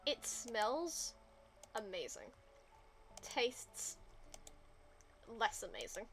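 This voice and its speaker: This is a young adult woman streaming a game from home, thinking aloud as she plays. Her slightly high voice moves freely up and down, and she speaks in an unhurried way. Faint keyboard and mouse clicks sit behind her. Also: wildly swooping pitch, a bit bright, a little hiss or hum. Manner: chatty, muttering to herself, occasional whispered swearing. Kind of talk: casual gameplay commentary.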